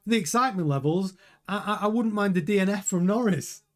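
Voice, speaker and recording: A man hosting a live race watchalong, chatting excitably over the timings with frequent stumbling restarts. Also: high voice, fast. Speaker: host.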